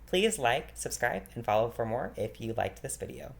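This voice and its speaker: Relaxed man teaching beginner vocabulary. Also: medium pitch, gravelly. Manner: relaxed, filler-heavy explaining, repeating each word slowly. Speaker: French teacher.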